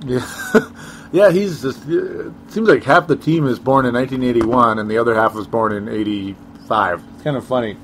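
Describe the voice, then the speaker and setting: Man, casual sports chat, sarcastic asides, medium pitch, faint noise behind. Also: moderate pace, a bit bright. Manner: rambling, chuckling, sarcastic asides. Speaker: co-host of a sports talk show.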